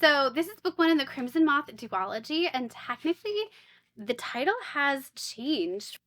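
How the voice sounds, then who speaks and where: A woman chats through a book unboxing in a quick, wry way, tossing off sarcastic jokes between descriptions. Her voice sits a little high and sounds bright and crisp. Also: expressive. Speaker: book vlogger. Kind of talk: casual unboxing chat.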